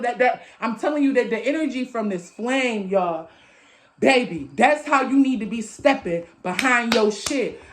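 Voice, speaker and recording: A woman with a high voice gives a casual motivational tarot reading, loud and emphatic, with plenty of swearing. She talks into a phone. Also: slight background noise. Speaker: tarot reader.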